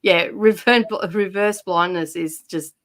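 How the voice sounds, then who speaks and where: Chatty Australian woman, bright voice. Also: fairly low pitch, unhurried. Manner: chatty, laughs often. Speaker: livestream co-host. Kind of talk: casual live-stream chat.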